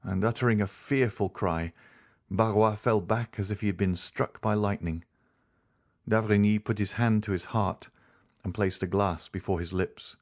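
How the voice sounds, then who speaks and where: A man narrating a classic novel as an audiobook, in a steady, even storytelling manner. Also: fairly low pitch, moderate pace.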